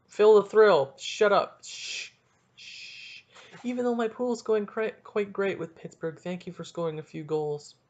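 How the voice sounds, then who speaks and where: A young man hosting a solo sports podcast, ranting excitably and cutting himself off mid-sentence. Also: on the high side, muffled recording. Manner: excitable, ranting, self-interrupting. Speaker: podcast host.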